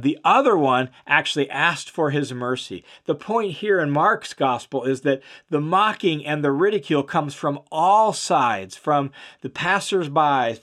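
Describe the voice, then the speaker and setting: A man's voice: a little high, a bit bright. A man teaching through a Bible passage, reading each verse aloud and then explaining it with emphatic repetition and some "uh" fillers. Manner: emphatic, repeats key phrases for stress.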